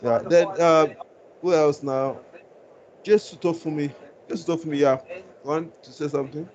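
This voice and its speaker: A man's voice: fairly high pitch, normal speed, dull audio, a little hiss or hum. A man teaching a live online class, patient and reassuring, often repeating himself. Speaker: instructor. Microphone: video call.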